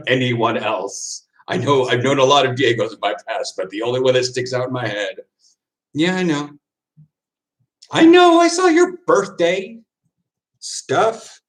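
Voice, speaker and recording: On a livestream, a man who plays football talks loosely with his audience and answers their comments. His voice is medium in pitch, and his relaxed rambling is full of brief tangents and frequent laughter.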